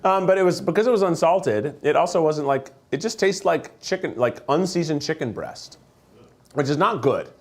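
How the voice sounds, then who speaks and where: This host's voice sits a little high, with lively intonation. He runs a casual food-tasting chat at a studio conveyor-belt set, joking, rambling and laughing readily as he eats.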